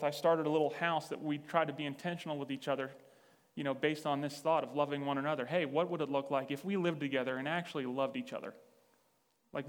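A man preaching in a casual, conversational way, his fairly high voice ringing with a long reverb. He tells a personal story and acts out the dialogue, with dry, self-deprecating humor. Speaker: pastor.

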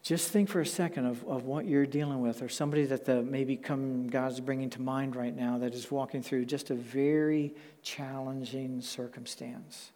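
A male pastor preaching a sermon in a measured, emphatic way, slowing down to stress key words. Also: medium pitch, steady tone, dark tone. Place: church sanctuary. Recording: long church hall reverb.

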